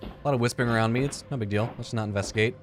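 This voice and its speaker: A man's voice: mid-range voice, very fast, faint music behind. A man giving casual gameplay commentary, thinking aloud, joking and swearing as he plays. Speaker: let's play gamer.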